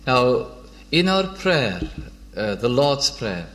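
A man gives an informal sermon on scripture at a middle pitch. He speaks unhurriedly, with frequent hesitations and restarts. When he reads old biblical verses, his tone turns measured. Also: sing-song, a bit bright. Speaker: preacher.

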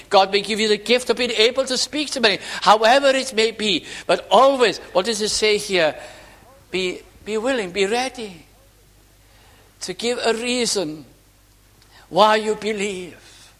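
A man preaching a sermon, asking rhetorical questions and swinging from emphatic to hushed. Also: high voice.

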